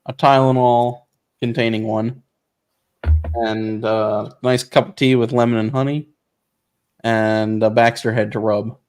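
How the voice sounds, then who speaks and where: A man co-hosting a casual livestream chat, relaxed with a dry sense of humor. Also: medium pitch, unhurried, pauses often, soft background music. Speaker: co-host.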